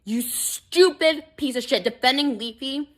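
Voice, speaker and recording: A woman's voice: sits high, unhurried. A woman in a furious, profane rant, accusing someone directly. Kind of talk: angry ranting video.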